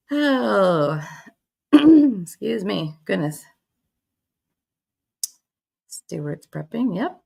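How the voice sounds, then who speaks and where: A middle-aged woman hosting a casual livestream, chatty and warm with her viewers, greeting them by name and laughing often. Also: lowish voice, gravelly. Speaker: livestream host.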